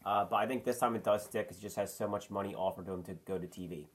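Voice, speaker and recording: A man's voice: lowish voice, fairly even intonation, rapid-fire. A man giving his opinions in a casual sports podcast chat.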